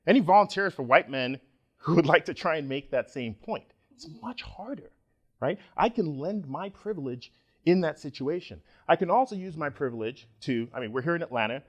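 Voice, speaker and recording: A middle-aged man from Nigeria giving a conference talk, joking and animated with the audience. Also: fairly high pitch, normal speed. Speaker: conference speaker.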